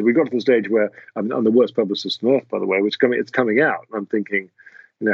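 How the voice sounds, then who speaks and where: An English man, a music producer, answering interview questions in a halting way with many restarts. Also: on the low side, darkish tone, breathy edge, no room sound, highs cut off. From England. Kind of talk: casual interview talk.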